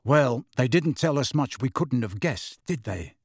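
A man's voice: medium pitch, lively intonation, measured pace, breathy edge, no echo, studio quality. A man doing Harry, a firm teenage wizard. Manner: firm, earnest.

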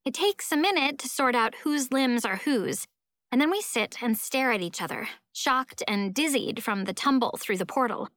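Woman reading a first-person audiobook, expressive, slightly high voice, super dry close mic. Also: moderate pace, no room sound. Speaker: audiobook narrator.

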